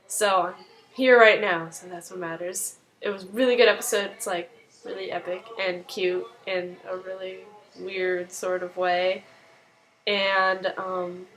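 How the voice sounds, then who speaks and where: A woman's voice: on the low side, fairly bright tone, poor audio. A young woman casually retelling a TV episode, rambling and full of fillers. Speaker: video recap host.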